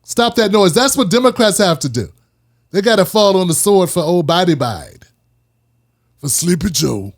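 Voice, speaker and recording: Animated high-voiced man ranting on politics. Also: normal speed. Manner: animated, preachy, repeats phrases for emphasis. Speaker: host. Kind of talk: casual political commentary.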